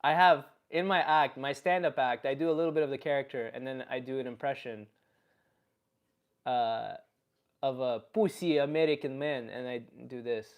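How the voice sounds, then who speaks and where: A man from Canada chatting casually on a live stream in his own voice, relaxed and a bit hesitant. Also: medium pitch, moderate pace. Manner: relaxed, hesitant, musing aloud.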